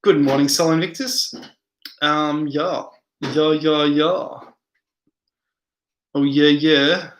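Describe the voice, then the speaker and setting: A man's voice: a little high, fairly even intonation, takes it slowly, long pauses, reverberant. A tired man hosting a late-night live stream, reading viewer comments aloud and rambling in answer to them.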